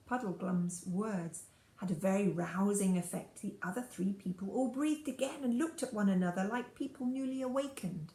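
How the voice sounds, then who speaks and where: A woman reads a children's story aloud with expressive storytelling. Her voice sits at a middle pitch, and the room adds a clear echo. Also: normal speed. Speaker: storybook reader. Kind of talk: reading a children's book aloud.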